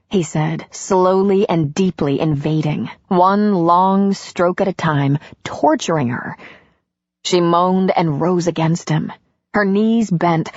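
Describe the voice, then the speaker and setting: A woman narrates a romance audiobook in a slow, intimate reading. Her voice sits low and husky, close and dry. The recording has a dull, lo-fi sound. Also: darkish tone, no room sound.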